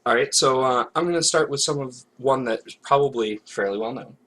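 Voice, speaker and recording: A man's voice: mid-range voice, fairly quick, a bit bright, slight background noise. A man co-hosting a casual podcast, talking in a playful, hesitant way with many fillers. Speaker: podcast co-host. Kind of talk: casual chat. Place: home, recorded live.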